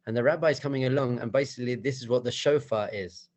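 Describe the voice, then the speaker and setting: A man serving as a rabbi, telling a playful, animated story as part of a spiritual talk to a group. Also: mid-range voice, fast talker, rough recording.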